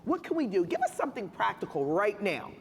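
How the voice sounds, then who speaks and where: A woman moderating a conference panel, upbeat and energetic as she coaxes the audience and asks questions. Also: mid-range voice, fairly quick, slight background noise. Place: large hall on a conference stage. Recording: long hall reverb with faint ambience.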